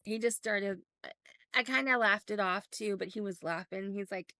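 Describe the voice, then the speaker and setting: A woman's voice: mid-range voice, measured pace, sharp tone, dry recording. A middle-aged woman from Oregon, candidly telling a personal story in a rambling vlog with many restarts. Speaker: vlogger.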